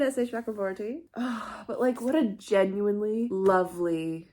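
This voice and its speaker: A woman's voice: medium pitch, normal speed, few pauses, darkish tone. A young woman vlogging casually about a book she just finished, emotional and swearing freely, laughing often. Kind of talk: casual vlog chat.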